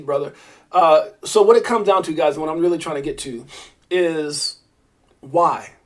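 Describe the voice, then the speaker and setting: Middle-aged New man, fairly high voice for a man, rambling live-stream host who calls out chat viewers. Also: breathy edge. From Brownsville, Brooklyn, New York. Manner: animated, rambling, addresses chat viewers by name. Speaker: crypto livestream host.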